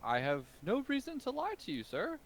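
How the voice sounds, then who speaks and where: A man's voice: very high-pitched, wildly swooping pitch, fairly quick, vocal fry, pitched above the performer's own voice, exaggerated voice. A man voicing a fussy older male shopkeeper dressed in silks, speaking politely in a raised voice.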